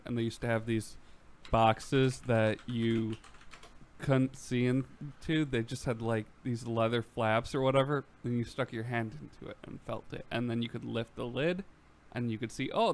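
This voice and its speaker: A man's voice: medium pitch, steady tone, normal speed. A man from the American Midwest co-hosting a podcast, making dry joking asides in casual chat. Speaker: podcast co-host.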